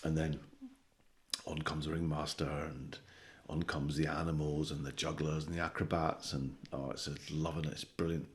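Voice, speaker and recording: Male comedian, very deep voice, sweary animated joke-teller, keeps checking in with "right?". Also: normal speed. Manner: animated storytelling, sweary, with frequent "right?" tags. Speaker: comedian guest. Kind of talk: casual podcast chat, telling jokes.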